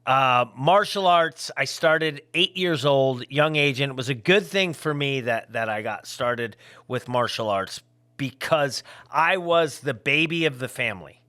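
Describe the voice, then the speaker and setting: A middle-aged man, a former pro wrestler, talking casually to his viewers in a loose, rambling, jokey way that swings into loud yelling. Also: mid-range voice, lively intonation, a little slow, dry recording. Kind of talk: casual vlog talk to viewers.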